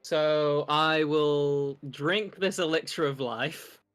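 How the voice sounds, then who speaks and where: Smooth-voiced man, blunt player. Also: fairly high pitch, slow, fairly bright tone. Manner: blunt, swears freely. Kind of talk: casual tabletop game chat.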